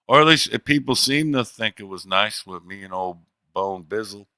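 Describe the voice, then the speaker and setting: A man's voice: lowish voice, lively intonation, normal speed, sharp tone, no echo, studio quality. A middle-aged man hosting a livestream, talking in a crude, boastful and teasing way. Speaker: livestream host. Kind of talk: casual livestream chat.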